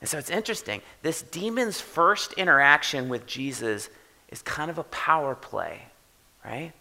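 A man preaching a sermon in a conversational way, often checking in with "right?" and swinging from quiet to loud for emphasis. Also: fairly high pitch, expressive, moderate pace, creaky. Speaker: pastor.

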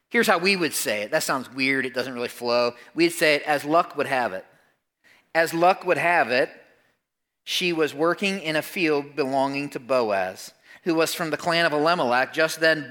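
A male pastor preaching a sermon with a bright, ringing voice pitched a touch high. He retells a Bible story in a lively way, breaking off to talk straight to his listeners, then sinking to a quiet hush. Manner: animated storytelling, drops to a soft hush for tender moments.

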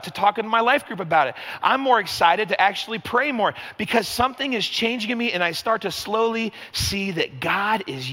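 A man preaching a sermon as pastor, in a chatty, animated way full of fillers. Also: high voice. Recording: long hall reverb.

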